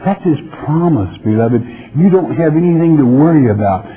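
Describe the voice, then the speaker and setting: A man's voice: a little high, expressive, moderate pace. Male radio preacher, folksy and emphatic, keeps checking in with listeners, dull lo-fi broadcast sound. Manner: folksy, emphatic, with frequent "okay?" asides. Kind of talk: verse-by-verse Bible teaching.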